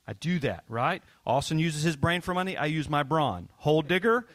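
A man giving a children's sermon as a pastor, lively and playful, often asking the kids questions. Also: fairly high pitch, normal speed, no room sound.

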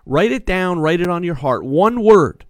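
A man preaches a sermon as pastor from a small studio with no room sound, his voice sitting high with big pitch swings at a moderate pace. He's emphatic, repeats key phrases, and often calls out to his listeners.

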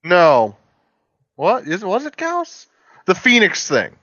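A man earnestly lays out his reasoning in a casual chat over a film. His voice is bright and his pitch moves a lot. The recording is dry and slightly dull, like a lo-fi mic. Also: wildly swooping pitch, takes it slowly, dry recording. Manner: earnest, explains at length. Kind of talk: casual film commentary and argument.

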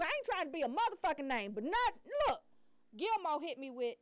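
A woman telling a story in casual chat, animated and profane, breaking into loud outbursts. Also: high-pitched, fairly quick.

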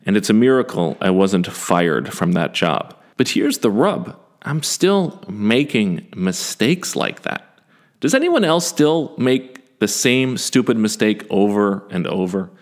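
A man in his forties tells a personal story and pokes fun at himself, swearing now and then. His voice sits fairly low but swings widely in pitch as he gets worked up. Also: a little slow. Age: 40s. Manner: self-deprecating, animated, occasional swearing.

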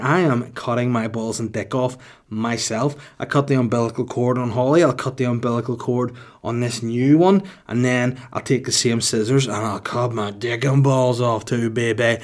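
A man in his thirties hosting a solo podcast, rambling crudely and jokingly with lots of swearing. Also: mid-range voice. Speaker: podcast host.

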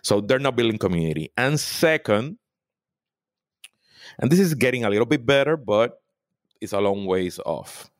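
A man, a political consultant giving emphatic, animated answers in a podcast interview. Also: medium pitch, moderate pace, pauses often, no echo, studio quality. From Puerto Rico. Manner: emphatic, animated, repeats for stress.

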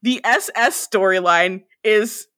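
A woman's voice: mid-range voice, slow pace, a bit bright, no room sound, studio quality. A woman co-hosting a casual podcast, joking and giggling as she quotes the characters. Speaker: podcast co-host. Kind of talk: casual rewatch podcast chat.

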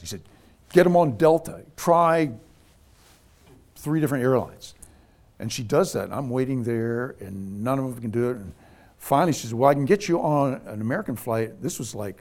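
A man's voice: mid-range voice, a little fast. A middle-aged man, a pastor, telling a personal story in a casual way and acting out the people he quotes. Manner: animated anecdote teller, voices quoted people.

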